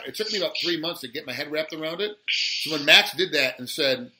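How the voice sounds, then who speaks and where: Fast-talking, very bright male interviewer. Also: a little high. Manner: fast, animated talk. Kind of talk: casual interview chat. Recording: roomy echo with faint noise.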